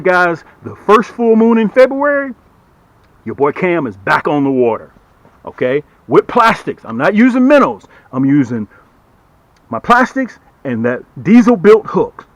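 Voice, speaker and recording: A middle-aged man casually demonstrating and selling fishing hooks to the camera, talking in a repetitive, lively salesman patter and calling viewers "guys". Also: sits high. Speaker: fishing gear seller and channel host. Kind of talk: casual product demo to camera.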